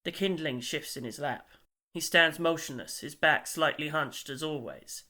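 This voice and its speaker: Bright, wry male audiobook narrator. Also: on the high side, normal speed.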